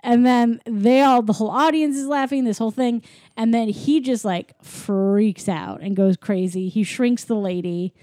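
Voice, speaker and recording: A woman's voice: fairly high pitch, moderate pace, dark tone, no echo, studio quality. A woman chatting casually while retelling a film plot, with "like" in nearly every sentence. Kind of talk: casual chat recapping a film.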